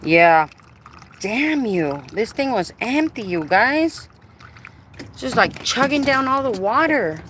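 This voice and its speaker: A woman's voice: on the high side, big pitch swings, slow pace, fairly bright tone. A woman chatting casually to her viewers while working on her car outdoors, playful and talkative. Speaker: vlogger. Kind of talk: casual live-stream chat. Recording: outdoor recording with clear background noise.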